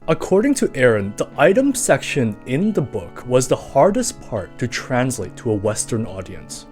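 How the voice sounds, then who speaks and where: A man's voice: a little high, darkish tone. A man reading a scripted commentary in a casual, chatty way, full of asides. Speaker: video essayist.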